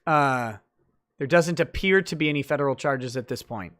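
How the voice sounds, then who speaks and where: A man's voice: mid-range voice, normal speed, a bit bright. A man hosting a late-night livestream, chatting loosely through viewer comments with lots of fillers and restarts.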